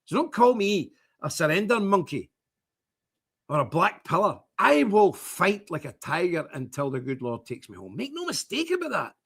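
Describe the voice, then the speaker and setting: A man's voice: high voice, huge pitch swings, normal speed, slightly rough. An older man from Britain, hosting a stream with a fiery, preachy, defiant rant. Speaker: streamer host. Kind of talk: impassioned livestream rant.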